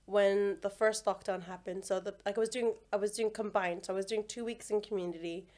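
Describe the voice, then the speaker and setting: A young woman, a midwife chatting as a podcast guest, telling animated stories with frequent laughter and slang. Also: medium pitch, a little fast. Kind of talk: casual podcast chat.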